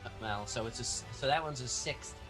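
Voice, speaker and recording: A man's voice: medium pitch, fast talker, music in the background, low-quality recording. Eager man playing a tabletop game. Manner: eager, descriptive, occasional laughs. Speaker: player. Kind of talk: describing his character's moves in a tabletop game.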